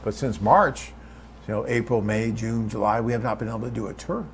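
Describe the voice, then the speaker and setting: A man's voice: lowish voice, brisk, slight background noise. A man hosting a live webcast, reading out viewer questions and answering them in a chatty, off-the-cuff way.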